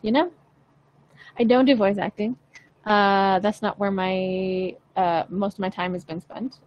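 A woman's voice: medium pitch, fairly even intonation, measured pace, muffled recording. Young woman vocal coach, casual and blunt, mid-range voice, faint background noise. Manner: chatty, frank, playful, swears casually. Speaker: singing teacher. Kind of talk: casual livestream voice lesson.

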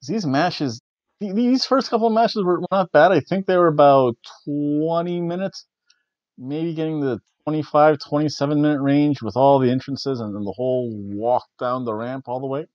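A man's voice: mid-range voice, lively intonation, normal speed, darkish tone, no echo. A man hosting a casual wrestling review, rambling and correcting himself with the odd chuckle. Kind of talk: casual spoken event review. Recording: dry, slightly dull lo-fi audio.

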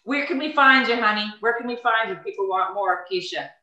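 A woman's voice: fairly high pitch, expressive, fast, pushed and bright, echoey room, muffled recording. A woman hosting an interview show, chatting casually and gushing affectionately at her guest. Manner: effusive and affectionate. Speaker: host.

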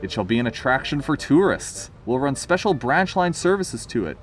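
A man voices a kindly, authoritative older railway boss who speaks formally. His mid-range voice swings widely in pitch at normal speed and sounds close to an everyday voice, with slight background noise.

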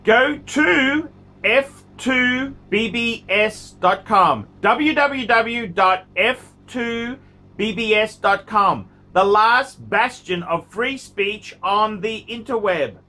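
A middle-aged man hosting his own vlog, chatting casually through a live unboxing, excitable and humming to himself as he opens a parcel. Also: high voice, slow. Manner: excitable, hums while working, mock-sarcastic. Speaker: vlog host.

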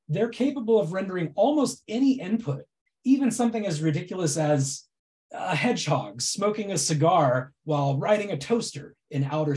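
Sarcastic presenter with a mellow voice. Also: mid-range voice. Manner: sarcastic, mock-enthusiastic. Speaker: presenter at a club meeting. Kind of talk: prepared comic speech.

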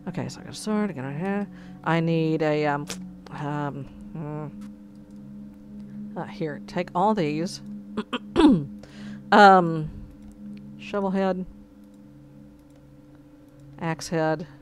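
A woman's voice: sits low, takes it slowly, pauses often. A woman playing a computer game and commenting as she goes, getting exasperated and swearing, then trying to keep it clean. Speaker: gamer. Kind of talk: let's play commentary. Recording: music under the voice. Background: background music.

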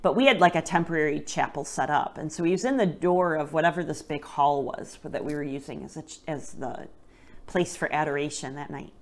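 A woman with a lowish voice hosts a podcast and shares a personal faith testimony. She tells it gently and reflectively. At tender moments her voice sinks to a hushed near-whisper. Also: brisk. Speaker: podcast host telling a personal story.

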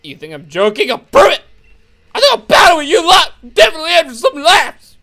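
A man voicing a brash, rowdy gang thug, yelling and taunting in a game let's play. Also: huge pitch swings, fairly quick, gravelly, faint music behind, full character voice. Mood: yelling taunts. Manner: yelling, taunting, high and strained.

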